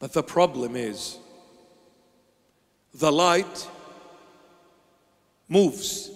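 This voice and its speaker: High-voiced bishop preaching in a reverberant hall. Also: male voice, animated, gravelly. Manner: rhetorical questions answered by himself, slow emphatic delivery. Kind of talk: sermon.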